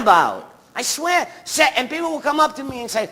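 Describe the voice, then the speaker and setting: A man's voice: very high voice, sing-song, a little fast, few pauses, sharp tone. A man doing a stand-up comedy set on a theatre stage, rambling through his stories and bantering with the audience. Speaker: stand-up comic.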